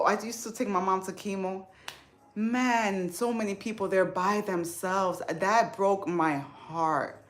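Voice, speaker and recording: A woman hosting a casual live stream, talking with viewers in an informal, emotional, chatty way. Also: lowish voice. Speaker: livestream host.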